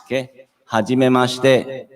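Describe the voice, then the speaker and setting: A man's voice: mid-range voice, little pitch movement, unhurried. A middle-aged man with a Singaporean English accent, teaching a live-streamed Japanese lesson, repeating phrases and checking in with "okay?" often.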